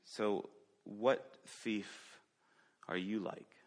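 A man preaching a sermon who asks the congregation direct questions and moves between loud emphatic stretches and quiet ones. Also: fairly low pitch, steady tone, extremely slow. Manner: dynamic preaching, rising loud then dropping to quiet. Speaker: pastor.

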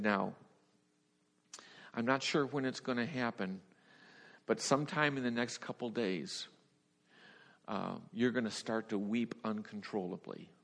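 A male preacher tells a personal story from the pulpit. His voice sits at an ordinary pitch, drops to a near hush at the tender moments and jumps up high and loud when he laughs. The sound trails off in a long, hall-like reverb. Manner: storytelling, swings from hushed to laughing high bursts. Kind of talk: sermon testimony.

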